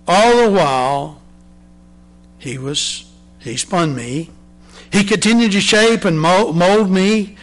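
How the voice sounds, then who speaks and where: A man, a preacher, reading a parable aloud slowly and deliberately, often dropping to a soft, low voice. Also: animated.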